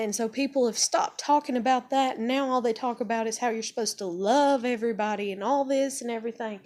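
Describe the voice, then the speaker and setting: A woman's voice: on the high side, a little fast, hardly any pauses, darkish tone. A woman in her thirties ranting angrily in a video blog, swearing a lot and filling her talk with "like". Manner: heavy swearing, filler "like". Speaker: vlogger. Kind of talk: angry opinion rant to camera.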